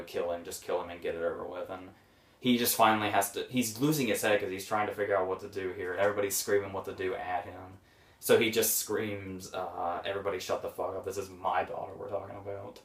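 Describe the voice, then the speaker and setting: A deep-voiced man talks through a film review in a loose, rambling way, filling gaps with ums and small laughs. He sits back from the mic, and the room echoes around him. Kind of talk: casual film review commentary. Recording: roomy echo, mic at a distance.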